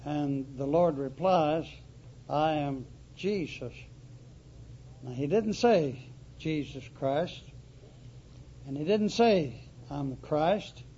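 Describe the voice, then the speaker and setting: A man preaching a sermon, emphatic and deliberate, stressing words through repetition. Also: on the high side, warm tone, slight background noise. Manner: emphatic, slow, dramatic repetition. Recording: dull lo-fi recording.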